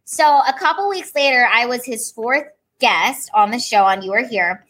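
A woman's voice: on the high side, moderate pace, a little hiss or hum. A woman comedian, a guest on an interview show, telling her stories casually and acting out what people said. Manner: animated, acts out quoted voices.

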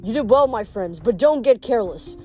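A wise old centaur leader speaks calmly and kindly to his troops, as a woman reads him aloud. The measured, fatherly voice belongs to a storybook reading, with faint music behind. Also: a little high, close to an everyday voice.

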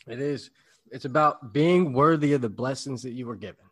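Man, podcast co-host, casual chat, motivational, affirming, repeats words, mid pitch. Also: normal speed, slightly rough.

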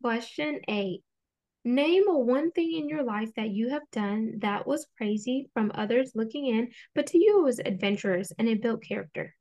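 An upbeat woman hosts a podcast interview. Her voice sits a little high, and she plays host like a game show, bright and playful. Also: lively intonation, moderate pace.

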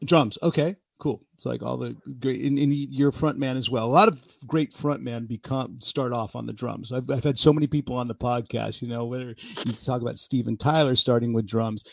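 Gravelly-voiced joking podcast host. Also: male voice, mid-range voice, fairly even intonation. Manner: joking, teasing, quick to laugh. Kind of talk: casual interview chat.

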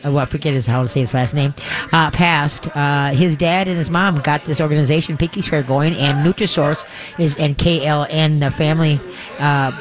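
A man hosting a live call-in radio show from a pet store, talking in a folksy, rambling way. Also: a little high. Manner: folksy, rambling, with playful voices for dogs and owners.

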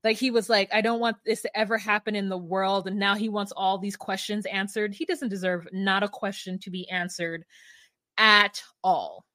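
A woman with a bright, sharp voice co-hosts a casual podcast, recorded dry and close. She speaks emphatically and opinionatedly, with plenty of fillers. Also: mid-range voice, flat delivery, normal speed, dry recording. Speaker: podcast co-host. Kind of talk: casual chat recapping a reality show.

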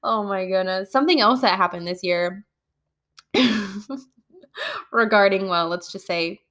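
A woman's voice: medium pitch, takes it slowly. A woman who is a kindergarten teacher, casually telling funny classroom stories with lots of laughter. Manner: animated, laughs often while telling stories. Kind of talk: casual storytelling podcast.

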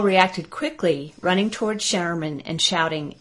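A woman from Arkansas reading scripted historical narration in a steady, even storytelling manner. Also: lowish voice, moderate pace.

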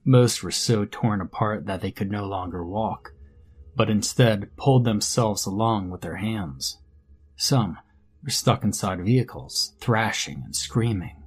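Husky low-voiced male horror narrator. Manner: measured, grim storytelling. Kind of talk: scripted first-person horror story narration. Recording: faint background music under narration.

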